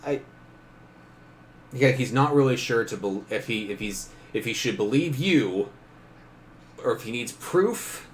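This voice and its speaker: A man's voice: mid-range voice, animated, measured pace, slight background noise. A man narrating as game master in a casual tabletop session, laughing often and briefly acting out characters.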